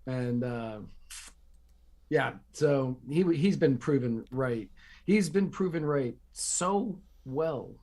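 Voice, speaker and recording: A man's voice: medium pitch, slow, a little mellow. A man hosting a political podcast, ranting sarcastically and repeating himself for emphasis. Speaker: podcast host. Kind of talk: casual political commentary.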